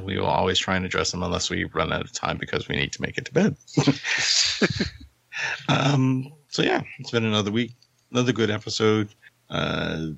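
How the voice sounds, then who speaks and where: A man's voice: deep voice, creaky, pushed and bright, no echo, lo-fi sound. A man co-hosting a podcast, chatting casually, laughing often while plugging the show. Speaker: podcast co-host.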